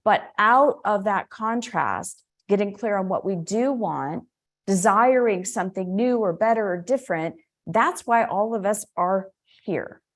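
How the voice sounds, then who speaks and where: A woman's voice: medium pitch, lively intonation, unhurried. A middle-aged woman giving a spiritual coaching talk in a conversational way, with asides and self-corrections. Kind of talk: teaching talk on spiritual laws.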